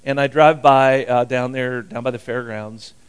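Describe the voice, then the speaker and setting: A man's voice: mid-range voice, fairly even intonation, measured pace, clear, resonant tone. An older man preaching a sermon as pastor, folksy and rambling, chuckling often as he talks.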